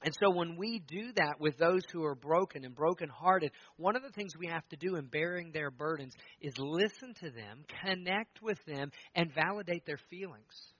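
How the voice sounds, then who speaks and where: Male pastor, 30s, fairly high, bright voice, dull lo-fi sound. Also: lively intonation, moderate pace, hardly any pauses, no room sound. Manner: conversational preaching with acted-out quotes. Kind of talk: sermon.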